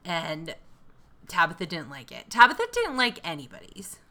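A woman co-hosting a casual podcast who recaps a TV show with swearing and quick impressions of the people in it. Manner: animated storyteller, swears freely, mimics people in a low voice. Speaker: podcast co-host. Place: New York City.

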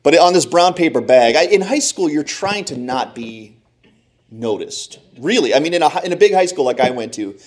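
A man's voice: on the high side, moderate pace. Man telling self-deprecating stories. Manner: self-deprecating, animated storytelling. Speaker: preacher. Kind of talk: humorous sermon storytelling.

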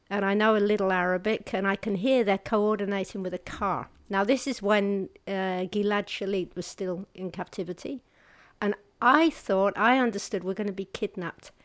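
A woman gives a personal testimony to an audience, recounting an ordeal in an earnest, halting way with restarts and hushed pauses at the hard moments. A vivid storyteller with a medium-pitched voice, she shifts between brisk and slow, quiet passages in a dry recording.

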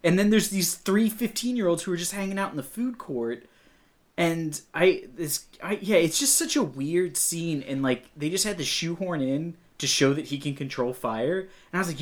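A man's voice: fairly high pitch, animated, moderate pace. Brief: a man in casual podcast banter who laughs a lot and pokes holes in movie logic. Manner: laughs often, nitpicky, mock-quotes characters. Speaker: podcast co-host. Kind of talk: casual movie review chat.

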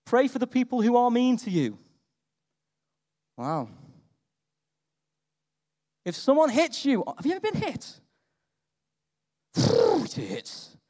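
A middle-aged man preaching a sermon, telling stories and quizzing his congregation. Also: high voice. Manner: animated storytelling, quizzing the congregation. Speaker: pastor. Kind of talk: lively sermon.

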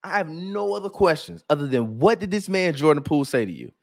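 A man's voice: on the high side, brisk, vocal fry, no echo, clean studio sound. A man hosting a casual, comedic sports commentary, full of profanity and laughing asides. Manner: profane, animated, laughing riffs. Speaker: host.

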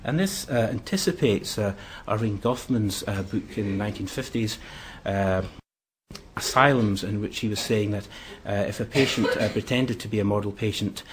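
A man giving a history lecture, pausing often with "uh" fillers between phrases. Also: lowish voice, background noise. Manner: hesitant, many "uh" fillers.

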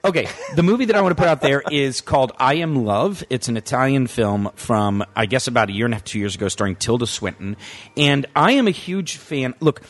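A man's voice: mid-range voice, brisk. A man co-hosting a podcast in casual chat, rambling and correcting himself as he talks. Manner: rambling, animated, self-correcting. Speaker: podcast co-host.

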